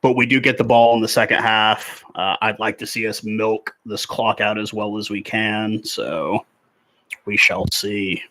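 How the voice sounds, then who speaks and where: A man's voice: on the low side, level tone, a little slow, bright, forceful tone. A man in his forties chatting casually and rambling through live rugby commentary on a stream. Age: 40s. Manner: rambling, conversational, filler-heavy.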